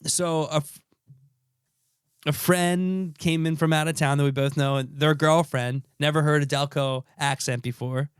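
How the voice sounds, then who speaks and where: A man's voice: a little high, steady tone, measured pace, clean tone, no echo, clean studio sound. A man co-hosting a podcast in casual chat, joking and loose, swearing now and then. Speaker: podcast co-host.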